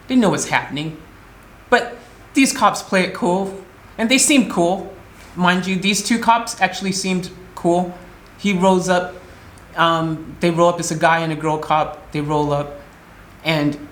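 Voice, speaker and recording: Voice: medium pitch, reverberant. A shaken vlogger rambling through an upsetting story and acting out the other people's lines in quoted voices. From United States. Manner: animated retelling with quoted voices, rambling restarts. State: emotionally shaken. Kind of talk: emotional storytelling vlog.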